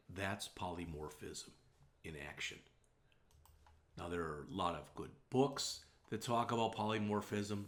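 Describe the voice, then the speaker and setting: A man teaching programming in a casual, conversational recorded slide lecture, often checking in with "all right?". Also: sits low. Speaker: programming instructor.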